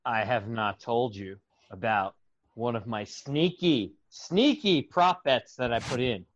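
A man co-hosting a sports podcast, telling a betting story in an animated, suspense-building way. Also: medium pitch, unhurried, no room sound, highs cut off. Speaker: podcast co-host. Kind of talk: casual sports chat.

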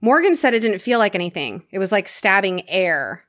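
A woman's voice: medium pitch, sing-song, normal speed, a bit bright, no room sound, studio quality. A woman hosting a podcast, telling a true crime story in a casual conversational way and dropping her voice for grim details.

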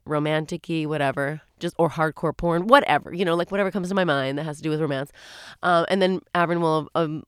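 A woman in her forties with a fairly low voice hosts a casual podcast episode on her own. Her talk rambles and keeps interrupting itself. The sound is dry and close, recorded in a small closet at home. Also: dry recording. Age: 40s. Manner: rambling, chatty, self-interrupting. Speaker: podcast co-host. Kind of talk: casual solo chat.

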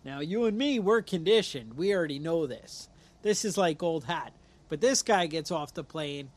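A man from New York, co-hosting a podcast, telling stories in a lively way and acting out what people said. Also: on the high side, normal speed. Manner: animated storyteller, acts out quotes. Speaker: podcast co-host. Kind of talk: casual chat.

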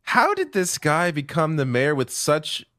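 A man's voice: a little high, huge pitch swings, a little slow, pushed and bright, no room sound, studio quality. A man co-hosting a casual panel talk show, incredulous and critical in tone. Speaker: panel co-host.

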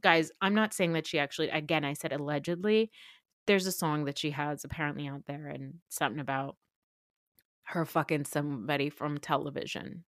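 A woman podcast host recapping reality TV in a casual, gossipy, animated way, swearing freely. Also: sits low, a little fast, no room sound, studio quality.

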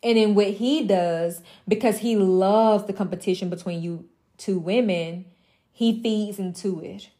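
Blunt, emphatic woman with a mellow voice. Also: mid-range voice, a little slow. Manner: emphatic, repetitive, blunt and profane, with mocking asides. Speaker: women's mentor. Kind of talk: impassioned motivational monologue.

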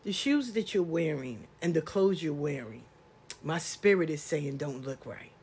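A middle-aged woman, hosting a podcast in a blunt, animated casual monologue and swearing freely. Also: deep voice, unhurried, breathy edge. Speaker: podcast host.

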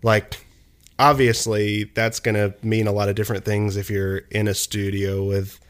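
A man's voice: on the low side, flat delivery, moderate pace, clean tone. A young man in casual conversation, talking at length about music production, with lots of fillers and restarts. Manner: rambling, many fillers and restarts.

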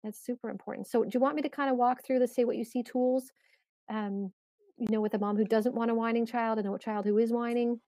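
A middle-aged woman, a parenting coach, explaining calmly in a podcast interview, with many fillers and restarts. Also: on the high side, fast talker, no room sound.

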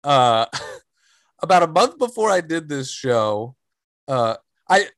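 A man's voice: fairly high pitch, very animated, slow pace, a bit bright, dry recording. A man who is a stand-up comedian, telling stories in casual chat and rambling with many fillers and restarts.

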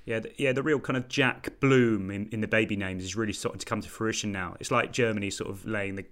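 A man's voice: lowish voice, steady tone, quick pace, fairly bright tone. A man hosts a podcast quiz over a video call, upbeat and wry, laughing between rules and scores. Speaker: quiz host.

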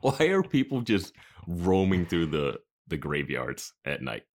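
A man's voice: sits low, wildly swooping pitch, unhurried. A man co-hosting a podcast, chatting casually and reacting to the recap with wry remarks and frequent laughter. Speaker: podcast co-host. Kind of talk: casual chat.

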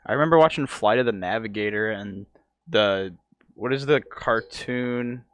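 A young man co-hosting a podcast in casual chat, laid-back and quick to laugh, swearing freely. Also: fairly low pitch, clean tone, no room sound. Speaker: podcast co-host.

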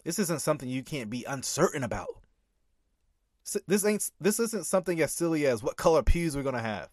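Man, reaction commentary, lively rising and falling pitch, emphatic repeats, dry close sound. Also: a little fast, no room sound. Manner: animated, laughing, rebutting with emphatic repeats. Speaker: commentator reacting to a sermon clip. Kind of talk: reaction commentary with scripture reading.

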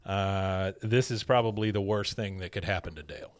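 A man's voice: low voice, moderate pace. A man hosting a podcast, recapping a cartoon episode in an easygoing, chatty way. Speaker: podcast host.

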